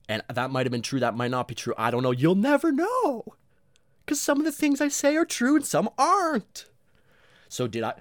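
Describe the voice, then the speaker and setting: Lively, rambling, profane male podcast host. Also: medium pitch, no room sound, clean studio sound. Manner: rambling, profane, self-mocking; energetic. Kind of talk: casual solo monologue.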